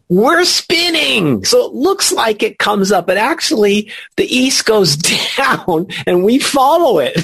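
A man leading a spiritual study class, explaining ideas in an animated way, laughing and asking questions. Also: sits high, husky. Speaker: spiritual teacher.

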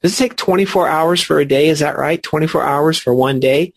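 Gravelly, husky man teaching with lively swings. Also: on the high side, brisk, no room sound. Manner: animated, laughing, explaining with questions. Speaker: spiritual teacher. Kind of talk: spiritual class teaching.

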